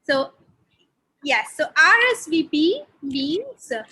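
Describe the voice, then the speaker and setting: A woman's voice: sits high, sing-song, slow, sharp tone, low-quality recording. A woman from India teaching a lecture on learning French, explaining step by step and putting questions to her listeners.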